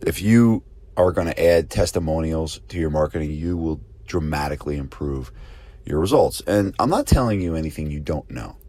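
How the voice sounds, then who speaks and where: A man with a very low voice hosts a podcast for gym owners. He talks casually, posing rhetorical questions as he tells a story. The sound is dry and close, with no room echo. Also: a little mellow. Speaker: podcast host and gym business coach. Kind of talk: casual spoken promo and talk.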